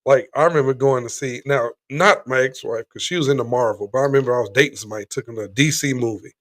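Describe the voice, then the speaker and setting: A man's voice: medium pitch, quick pace, dry recording. A man co-hosting a casual live chat show, telling stories with animation and mimicking other people. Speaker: co-host.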